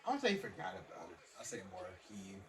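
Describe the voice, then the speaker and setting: A man's voice: on the low side, wildly swooping pitch, fast, fairly bright tone, distant mic. A man chatting along to a wrestling match with short, laid-back replies and corrections. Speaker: co-watcher. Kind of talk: casual live reaction chat.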